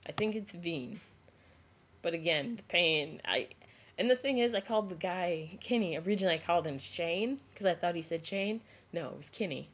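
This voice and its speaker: A young woman vlogging to a self-filmed camera, retelling a story in a rambling, animated way with lots of "like" and restarts. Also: fairly low pitch, normal speed, breathy edge. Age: young adult. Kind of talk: casual storytelling vlog.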